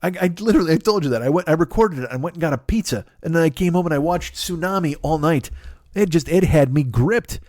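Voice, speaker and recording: A man in his forties, host of a comedy podcast, rambling through a profane, animated monologue with lots of asides. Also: fairly high pitch, fast talker, no echo, studio quality. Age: 40s.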